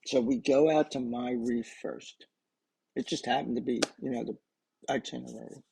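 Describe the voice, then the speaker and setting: A man's voice: mid-range voice, fairly even intonation, normal speed, creaky, dark tone, slight background noise, poor audio. An older man telling a personal story in a casual, rambling way, often restarting and adding asides. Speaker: storyteller recording memories for his grandchildren.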